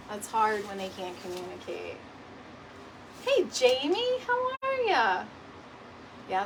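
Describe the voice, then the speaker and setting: A middle-aged woman, chatting casually and laughing often while hosting a live DIY decor video. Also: mid-range voice. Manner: chatty, laughs often, says "y'all" and "right?". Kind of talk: casual livestream chat while crafting. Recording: mic at a distance, audible room noise.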